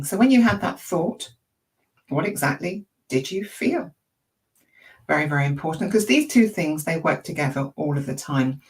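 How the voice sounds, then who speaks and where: A woman coaching an online audience in a chatty, encouraging way, with a croaky throat and lots of rhetorical questions. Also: low-pitched, distant mic, low-quality recording. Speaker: emotional intelligence coach. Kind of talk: informal teaching talk to an online audience.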